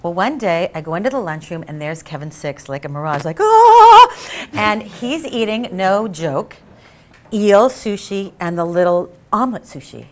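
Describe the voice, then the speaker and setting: A middle-aged woman spins a comic tale as a game show guest. She talks in an animated way and jumps to high, squealing pitch whenever she acts out her younger self. She sounds chatty and lively throughout. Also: moderate pace. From San Diego, California. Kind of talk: comic storytelling anecdote.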